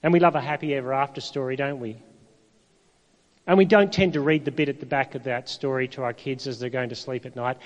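A middle-aged man from Ireland, preaching a sermon in a conversational way, with rhetorical questions and dramatic pauses. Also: medium pitch, dull audio. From Northern Ireland. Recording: long hall reverb.

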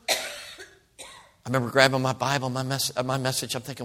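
A man in his sixties, a pastor telling a story in a sermon, swinging from loud outbursts to hushed whispers. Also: mid-range voice, monotone, quick pace. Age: 60s.

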